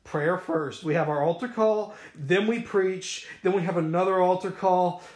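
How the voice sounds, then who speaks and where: A man hosts a casual church discussion, asking questions and slipping into a preacher's cadence. His voice is a bit high for a man. The room rings with echo. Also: normal speed. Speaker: podcast host, preacher. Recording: echoey room.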